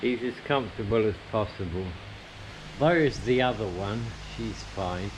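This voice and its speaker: Slow, rambling man touring his home. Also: fairly low pitch, noisy background. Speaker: vlogger giving a home tour. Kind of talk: casual walk-through narration. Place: indoors in a house, then outdoors at a plantation.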